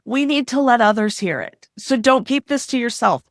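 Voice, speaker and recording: Upbeat, higher-pitched woman podcast host. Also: expressive, moderate pace, dry recording, studio quality. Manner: upbeat and affirming. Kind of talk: casual podcast interview.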